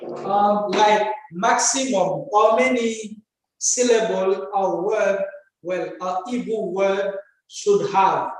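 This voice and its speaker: A man's voice: high voice, fairly even intonation, slow. A male student asking questions in class, hesitant and polite. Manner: hesitant and polite, says sir. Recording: echoey, distant mic.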